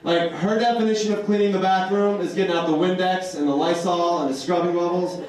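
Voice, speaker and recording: A man's voice: high voice, fairly even intonation, fairly quick, darkish tone. A man doing a stand-up set on a comedy club stage, rambling and hesitant as he banters with the crowd. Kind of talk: stand-up routine. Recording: echoey distant room mic with noise. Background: audience laughter.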